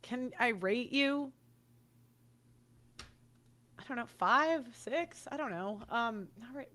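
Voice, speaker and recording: A woman's voice: fairly high pitch, animated, slow, long pauses, sharp tone. A young woman hosting a podcast, delivering an angry, profane monologue and repeating her points. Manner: swearing, ranting, repeats herself. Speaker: podcast host.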